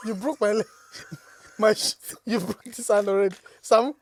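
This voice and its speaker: A woman's voice: medium pitch, steady tone, moderate pace, darkish tone. A woman co-hosting a podcast, reacting in a teasing, laid-back way. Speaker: podcast co-host. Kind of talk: casual chat.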